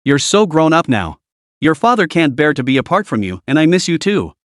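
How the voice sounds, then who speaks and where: A man's voice: on the high side, big pitch swings, a little fast, no room sound, studio quality. A man voicing a scheming, arrogant middle-aged stepmother in an audiobook-style recap, coaxing one moment and icy the next. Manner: coaxing then icy, sly giggling.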